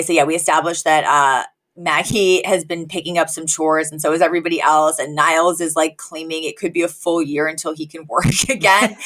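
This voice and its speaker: Casting: woman from New York, lower voice, chatty podcast co-host who laughs a lot. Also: a bit bright. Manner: chatty, laughs often, many filler words. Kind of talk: casual chat recapping a sitcom.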